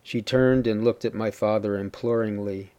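A man giving a steady, measured first-person story reading. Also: lowish voice. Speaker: reader.

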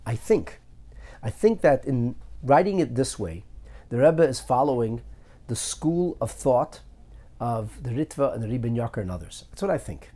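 Guy teaching torah text, pitch jumps all over, thinks out loud, keeps saying he's not sure. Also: moderate pace. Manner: animated, searching, thinks aloud with frequent hedges. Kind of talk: Haggadah study lesson.

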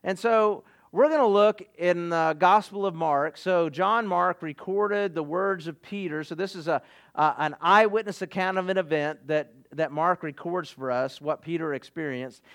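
A man preaching a sermon, earnest and halting, with frequent restarts and fillers. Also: high voice, a bit bright. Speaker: pastor.

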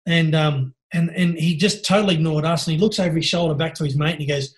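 An Australian man, a podcast guest, telling lively stories over a video call and laughing often. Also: a little high, fast. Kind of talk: casual storytelling interview.

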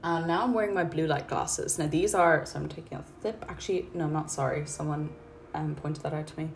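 A woman hosting her podcast, talking in a calm, chatty, rambling way into her phone at home. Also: sits low, brisk, gravelly, slight background noise. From Ireland. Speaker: podcast host and mindset coach. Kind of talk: casual spoken podcast chat. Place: her apartment.

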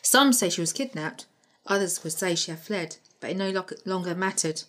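A woman's voice: on the low side, normal speed, a bit bright. Woman reading her story aloud, stumbling. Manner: reads with stumbles, laughs at her own writing. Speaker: reader of her own story chapter.

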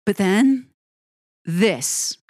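A woman giving an admiring, unhurried commentary on a pop ballad. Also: mid-range voice, lively intonation, a little mellow, no room sound, clean studio sound. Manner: admiring, lingers on phrases, sings lyric snippets. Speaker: music reviewer. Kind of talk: song-by-song music commentary.

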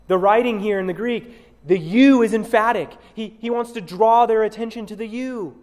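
A man preaching an expository sermon as pastor, emphatic and repeating key words with dramatic pauses. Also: sits high, darkish tone, big-room sound.

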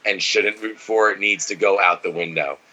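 A man's voice: deep voice, fairly even intonation, moderate pace, pushed and bright, poor audio. A man co-hosting a casual podcast, watching wrestling and giving blunt, opinionated takes full of swearing. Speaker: podcast co-host.

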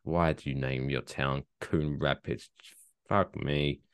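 A man's voice: extremely low pitch, fairly even intonation, takes it slowly, clear, resonant tone, dry recording, clean studio sound. A man co-hosting a comedy podcast, swearing and joking in loose, profane banter. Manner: profane, joking, slips into silly put-on voices. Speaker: podcast co-host.

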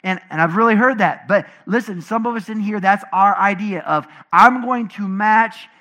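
High, bright-voiced animated man preaching. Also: brisk. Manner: animated preaching, swinging from loud emphatic to low and quiet. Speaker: pastor. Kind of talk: sermon.

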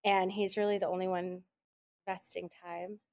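A woman chatting casually on a podcast, telling animated stories and quoting people often. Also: lowish voice, normal speed. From Italian heritage. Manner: animated storyteller, quotes others often. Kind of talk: casual chat.

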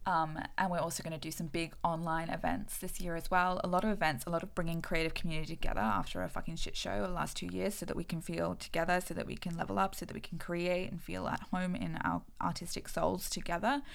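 A woman's voice: fairly low pitch, little pitch movement, fast, vocal fry, few pauses. A young woman co-hosting a podcast in casual, effusive chat. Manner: bubbly, effusive, laughs easily. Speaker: podcast co-host.

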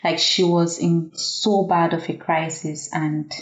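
A woman's voice: fairly low pitch, flat delivery, slow pace. A young woman, a doctor, telling a personal story in an earnest, reflective way, with many fillers. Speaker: guest. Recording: echoey room, dull lo-fi sound.

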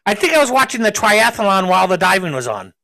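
A man hosting a casual chat, enthusiastic and halting, with many fillers and restarts. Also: high-pitched, big pitch swings, creaky, bright, forceful tone, low-quality recording. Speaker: show host.

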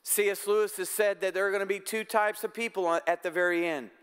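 A man's voice: high voice, fairly even intonation, brisk, fairly bright tone, clear, resonant tone. A man preaching a sermon as pastor, talking in an earnest, conversational way. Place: church sanctuary. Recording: long church-hall reverb.

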